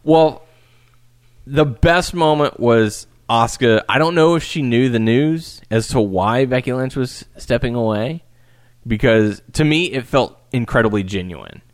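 A man chatting casually as a podcast co-host, animated and acting out what others said. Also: mid-range voice, unhurried, no echo, studio quality. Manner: animated, acts out quotes in put-on voices. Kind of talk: casual chat about wrestling.

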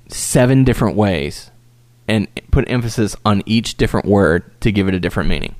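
A man's voice: fairly low pitch, normal speed, no echo. A man co-hosting a casual podcast about wrestling, talking animatedly and with some swearing. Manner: animated, profane, acts out quotes. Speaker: podcast co-host.

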